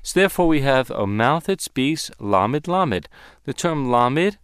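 A man teaching a Bible lesson on Hebrew words, speaking deliberately and slowing down to stress key words. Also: mid-range voice, big pitch swings, fairly bright tone, clean tone, no echo, studio quality.

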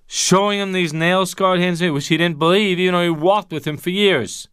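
A man's voice: high-pitched, a bit bright, smooth, dry recording. Brief: male Bible teacher, resonant and dry, emphatic and patient. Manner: emphatic, drawn-out stresses on key words; patient step-by-step explaining.

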